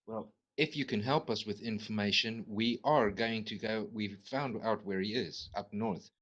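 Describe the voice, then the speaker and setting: Earnest low-voiced player on a muffled call. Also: male voice, normal speed, fairly bright tone. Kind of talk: casual chat and in-character talk.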